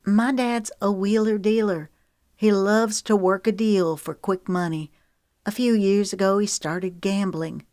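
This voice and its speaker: A woman's voice: medium pitch, steady tone, unhurried, a little mellow, no echo, clean studio sound, voice pushed up, lightly acted. A woman narrator voicing a guarded young female reality show contestant with a wry, candid manner.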